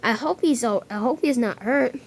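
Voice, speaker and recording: A woman's voice: a little high, moderate pace, gravelly, background noise. A woman voicing an earnest, worried young tank engine in a toy-train story. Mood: distressed.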